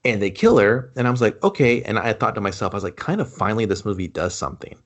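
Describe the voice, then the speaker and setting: A man's voice: lowish voice, animated, fast. A man co-hosting a casual movie review chat, rambling and acting out characters' lines. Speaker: podcast co-host.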